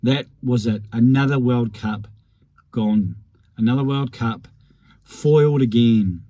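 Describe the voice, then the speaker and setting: A man's voice: medium pitch, slow pace, warm tone, no echo, dull audio. New man, wry rambling storyteller, middle-range voice, dry booth-like sound. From New Zealand. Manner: rambling, wry, self-deprecating. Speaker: rugby vlogger. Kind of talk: casual reminiscing monologue.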